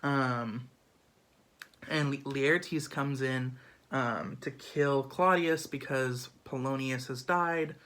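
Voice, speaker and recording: A man talks through a play summary in a loose, chatty way, dotted with fillers and quick acted-out asides. His voice sits at an ordinary middle pitch. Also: fairly even intonation, fairly bright tone. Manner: chatty, filler-heavy, lots of "um" and "like". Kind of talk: casual literature summary.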